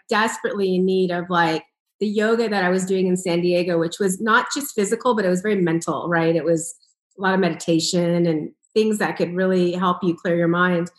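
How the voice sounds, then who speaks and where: A woman in a conversational interview, telling a personal story with lots of laughter and acted-out quoted dialogue. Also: mid-range voice. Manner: animated, laughs often, acts out quoted dialogue. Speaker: author and entrepreneur telling her story. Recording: roomy echo.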